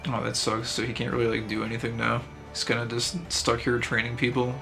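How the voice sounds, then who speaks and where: A man's voice: mid-range voice, monotone, fairly quick, gravelly, hardly any pauses. A man giving casual, wry gaming commentary with frequent laughing asides, over faint game music. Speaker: streamer.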